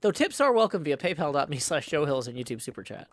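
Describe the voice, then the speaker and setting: A man's voice: on the high side, sing-song, fast talker, few pauses. A man hosting a live stream, chatting playfully, thinking aloud and reading out viewer messages. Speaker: streamer host.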